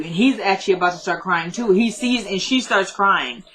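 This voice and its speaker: A woman in a casual vlog recapping a TV episode in a chatty, animated way, often acting out what the characters said. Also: mid-range voice, moderate pace. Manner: animated retelling, quoting characters' lines; chatty, with frequent fillers like "you know".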